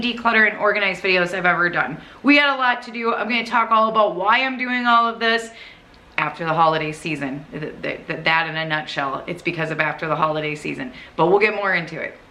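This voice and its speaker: Bright-voiced, chatty Minnesotan woman. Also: medium pitch. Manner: rambling, self-correcting, eager. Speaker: cleaning vlog host. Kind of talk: chatty video intro to camera.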